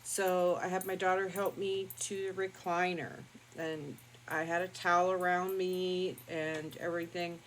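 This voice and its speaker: An older woman vlogger telling a personal story in a calm, rambling, matter-of-fact way with many fillers. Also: on the low side, measured pace, few pauses, a little hiss or hum, rough recording. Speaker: beauty vlogger. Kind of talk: casual storytelling to camera.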